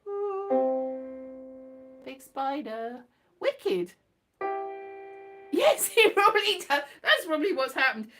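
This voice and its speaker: A woman's voice: high voice, very animated, slow pace, long pauses, over loud music. A woman chatting casually in a rambling, jokey way, often laughing and restarting her sentences. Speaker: host. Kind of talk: casual chat.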